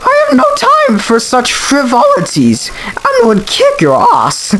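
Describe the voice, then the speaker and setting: A man's voice: extremely high pitch, wildly swooping pitch, unhurried, very noisy, pitched above the performer's own voice, heavily acted. A man voicing a pompous female computer queen, a grandiose theatrical villain. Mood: haughty.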